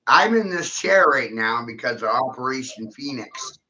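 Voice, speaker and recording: A man's voice: mid-range voice, expressive, normal speed, pushed and bright, highs cut off, a little hiss or hum. A man ranting angrily in a casual vlog, swearing heavily and jumping between grievances. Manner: angry, swearing, erratic. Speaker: vlogger. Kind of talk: profane rant to camera.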